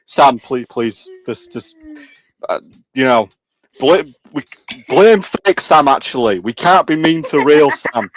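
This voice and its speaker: A man's voice: medium pitch, lively intonation, takes it slowly, a little hiss or hum. A British man guesting on a livestream, joking and teasing in a playful way. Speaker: stream guest. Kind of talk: casual chat.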